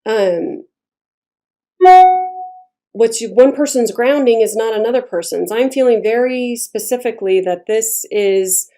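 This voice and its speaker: A woman's voice: a little high, measured pace, long pauses, dark tone. A woman giving a casual tarot reading, talking bluntly and chattily and swearing freely. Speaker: tarot reader.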